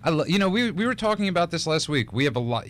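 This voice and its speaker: This radio co-host tells rambling stories on a casual talk show, restarting often and laughing a lot. His fairly high voice is sing-song, and he talks at a racing pace.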